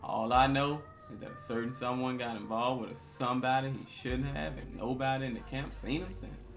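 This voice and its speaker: A man's voice: medium pitch, steady tone, a little fast, lightly acted. A man voicing a gossipy camp cafeteria worker with a folksy drawl while reading a game aloud. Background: game music.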